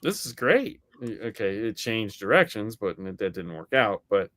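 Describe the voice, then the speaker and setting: A man co-hosting a podcast in casual chat, telling a story in a lively way and acting out the voices of the people in it, swearing now and then. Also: lowish voice, moderate pace. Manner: animated storyteller acting out quoted dialogue. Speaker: podcast co-host.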